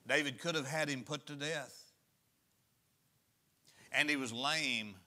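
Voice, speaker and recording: A man's voice: mid-range voice, slow pace, bright, forceful tone. A man pastor preaching a sermon, reading scripture aloud and explaining it with folksy asides. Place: church sanctuary.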